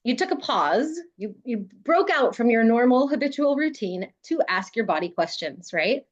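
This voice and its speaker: A woman's voice: a little high, very animated, moderate pace, lo-fi sound. A woman leading a group through a guided body exercise on a video call, coaching them and often laughing. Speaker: workshop leader.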